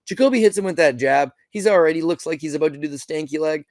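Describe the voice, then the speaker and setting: This podcast host talks fast in a slightly high, darkish voice with no room sound. Recapping fights on his own, he delivers an exasperated, blunt rant laced with profanity and rhetorical questions, imitating people mid-rant.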